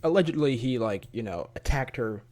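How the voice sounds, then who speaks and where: A man's voice: medium pitch, expressive, fairly quick, darkish tone. A man making a casual reaction video as a YouTube commentator, chatty and loose with slang, often breaking into laughter.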